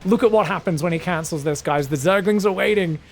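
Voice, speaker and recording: A man giving solo commentary on a strategy game match, excitable and chatty, bursting into shouted reactions and talking straight to his viewers. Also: high-pitched, brisk, faint music behind. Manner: chatty asides, addresses viewers as guys. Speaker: esports caster.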